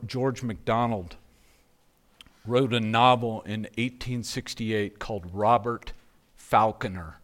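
A man preaching a sermon in a slow, measured way, letting phrases drop to a hush at their ends. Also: mid-range voice. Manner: slow, measured preaching, softening to hushed endings. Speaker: pastor.

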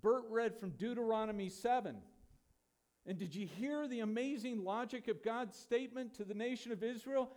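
A man's voice: very high-pitched, normal speed, darkish tone. A pastor preaching a sermon to his church, emphatic and full of rhetorical questions.

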